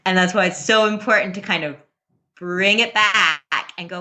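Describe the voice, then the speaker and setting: A woman with a bright, clear voice talks through parenting ideas in an earnest, chatty way. She laughs easily and keeps a casual interview tone. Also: medium pitch, moderate pace. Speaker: podcast guest, parenting coach.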